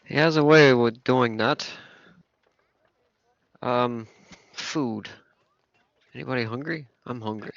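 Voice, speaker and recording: A man with a gravelly, creaky voice, talking in a laid-back mumble at the game table. The recording is dry and muffled, like a cheap mic. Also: medium pitch, slow, long pauses, fairly bright tone, no room sound. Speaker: player.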